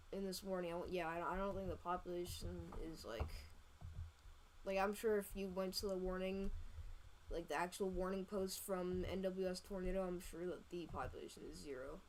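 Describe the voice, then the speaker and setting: A woman hosting a live storm-tracking stream, talking casually over radar with many fillers and quick self-corrections. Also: lowish voice, fairly even intonation, a little hiss or hum, poor audio. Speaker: storm-tracking livestream host. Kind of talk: live weather radar commentary.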